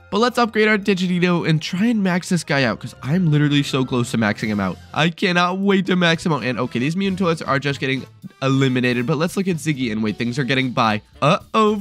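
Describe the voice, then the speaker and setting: A young man giving excited, exclamatory commentary over a video game, often repeating himself in bursts. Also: on the high side. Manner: hyper, exclamatory, repeats phrases rapidly. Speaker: gaming YouTuber.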